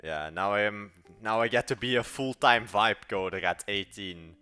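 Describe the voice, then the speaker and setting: An eighteen-year-old Belgian developer with a Dutch accent codes on a live stream, rambling in slang to his chat and muttering as he works. His voice is on the low side, clear, resonant and sharp, at a moderate pace, with faint music behind.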